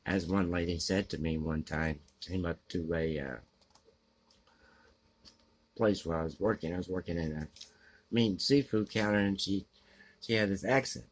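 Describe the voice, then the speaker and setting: A man giving blunt, grumbling book opinions in a halting way, with lots of fillers and frequent throat clearing. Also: deep voice. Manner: grumbling, opinionated about books. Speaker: book vlogger answering a question tag. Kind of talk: casual unscripted talk to camera.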